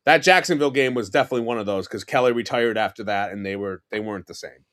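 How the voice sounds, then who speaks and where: A man in his forties from New York City, a podcast guest telling rambling, animated stories in casual chat with lots of fillers and restarts. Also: lowish voice, fast talker.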